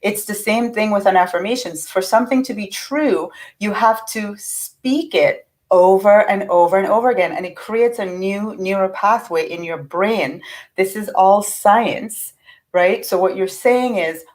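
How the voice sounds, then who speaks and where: A woman's voice: medium pitch, measured pace, poor audio. A middle-aged woman giving a casual, earnest teaching talk on affirmations. She is encouraging and often restarts her sentences.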